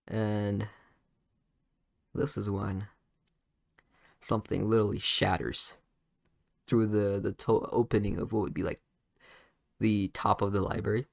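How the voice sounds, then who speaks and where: A young man with a low, gravelly voice improvises a retelling of a story, rambling with many fillers and restarts. He keeps a level tone and a measured pace, pausing often, in a dry, close recording.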